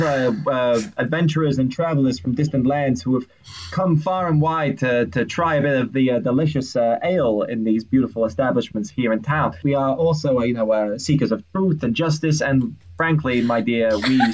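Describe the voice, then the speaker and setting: Man doing a swaggering smooth-talking adventurer. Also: medium pitch, moderate pace, close to an everyday voice. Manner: flirty, grandiose. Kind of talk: in-character tabletop role-play. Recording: distant mic with background noise.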